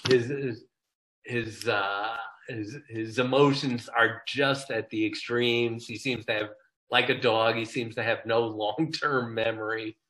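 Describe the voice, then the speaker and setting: A man's voice: medium pitch, fairly even intonation, unhurried, sharp tone, low-quality recording. An older man, a comedy writer as an interview guest, telling self-deprecating stories in casual chat. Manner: self-deprecating, joking storyteller.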